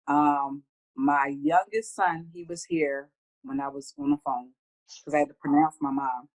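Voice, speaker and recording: A middle-aged woman speaking heartfelt in a casual interview, often acting out her own conversations in a higher voice. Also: lively intonation, measured pace, vocal fry, poor audio. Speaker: guest.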